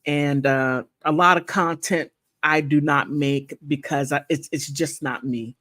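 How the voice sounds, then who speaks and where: A woman hosting a casual livestream, chatting playfully and thanking viewers, with high laughs and quiet, sincere asides. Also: fairly even intonation, unhurried, dry recording, clean studio sound. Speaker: content creator hosting a livestream. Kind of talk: casual livestream chat reacting to gossip and viewer comments.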